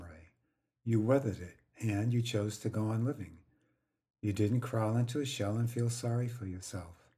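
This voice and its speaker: A man voicing a calm, patient woman friend who speaks softly but firmly. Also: lowish voice, close to an everyday voice. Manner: soft but firm.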